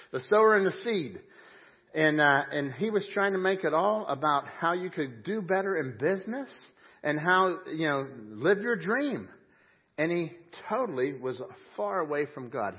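A male pastor preaches a sermon in a church sanctuary, emphatic and sprinkled with folksy asides, his huffing breaths clearly audible. His voice is on the high side and slightly rough. The audio sounds dull and muffled.

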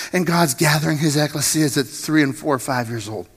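A man's voice: a little high, brisk, hardly any pauses, slightly rough. A man preaching a sermon as pastor, earnest, repeating his phrases and asking the congregation to say lines with him. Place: church sanctuary. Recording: long hall reverb with faint music.

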